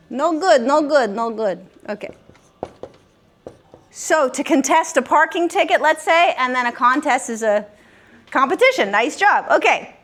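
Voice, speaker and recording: High, unhurried woman hosting a word game. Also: a bit bright, slight background noise. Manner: patient, coaxing, gives clues and repeats answers. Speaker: quiz host. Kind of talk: leading a live word game. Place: common room of a senior-living community.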